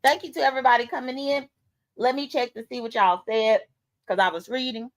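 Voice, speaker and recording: A woman hosting a casual livestream, commenting on drama and reading viewer comments aloud, animated and talking straight to her audience. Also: a little high, brisk, poor audio. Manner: animated, talks straight to viewers, rhetorical questions. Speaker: YouTube commentary host.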